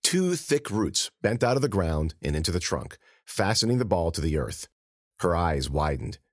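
Male author-narrator, low and animated, dry studio sound. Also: normal speed, no echo. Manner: expressive, animated reading. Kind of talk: scripted audiobook narration.

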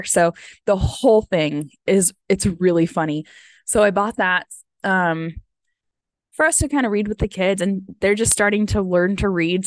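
A woman's low-leaning voice comes through a dry recording: she's an American vlogger in her thirties having a casual, rambling chat full of "like" and "um." A touch sniffly, she has clearly teared up.

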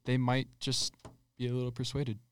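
A young man co-hosting a casual religious discussion, throwing in jokes and quick remarks. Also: mid-range voice, monotone, smooth. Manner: joking, giggly interjections.

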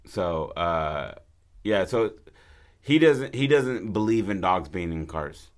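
Man with a low voice, co-host, loose profane storyteller, chatty and rambling. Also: animated, slow. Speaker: podcast co-host pitching a film plot. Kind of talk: casual storytelling chat.

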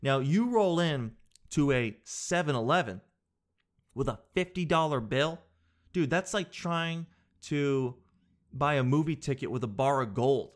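Animated young man doing stand-up. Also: on the high side. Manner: animated, slangy, mimics people in quick put-on voices. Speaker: stand-up comedian. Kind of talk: stand-up comedy routine.

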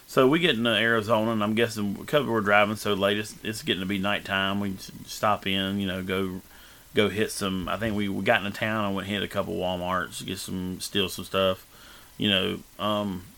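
Guest storyteller, male, rambling and casual, bright tone. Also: fairly low pitch, creaky. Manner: rambling, full of fillers and restarts. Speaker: guest telling his life story.

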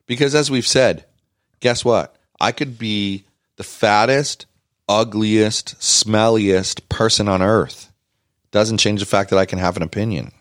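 Low-voiced man in animated podcast chat. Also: measured pace, no echo, studio quality. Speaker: podcast co-host. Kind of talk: casual chat.

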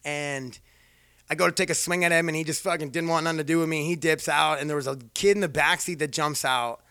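A man's voice: on the high side, fairly even intonation, quick pace, sharp tone, clear, resonant tone, no room sound, clean studio sound. A man casually telling a rambling personal story, swearing freely and poking fun at himself. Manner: profane, rambling, self-mocking.

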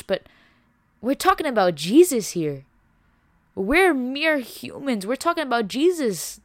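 A woman's voice: fairly high pitch, a bit bright, no room sound, clean studio sound. A young woman hosting a faith podcast, preaching with passion and emphasis, repeating herself and dropping casual words like y'all and bro. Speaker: podcast host.

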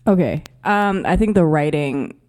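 A woman's voice: low voice, expressive, a little slow, a little mellow. A woman co-hosting a podcast, retelling a film in casual slangy chat, swearing and laughing as she goes. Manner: slangy, profane, laughing storyteller. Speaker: podcast co-host.

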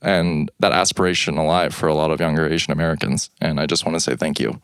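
A man's voice: extremely low pitch, steady tone, quick pace, a bit bright, no echo, clean studio sound. A man hosting a podcast, earnest and hesitant in casual chat. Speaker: podcast host.

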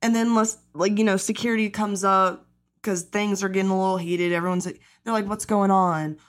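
A woman's voice: mid-range voice, flat delivery, brisk. A woman in her twenties talks her way through a podcast episode in loose, casual chat. She acts out the people she quotes, swears freely, and fills her speech with fillers. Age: 20s. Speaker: podcast host.

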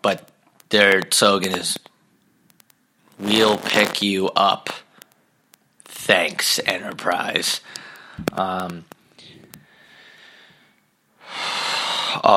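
A young man chatting casually as a podcast host, telling stories and mimicking people in goofy high voices. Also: sharp tone. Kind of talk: casual chat.

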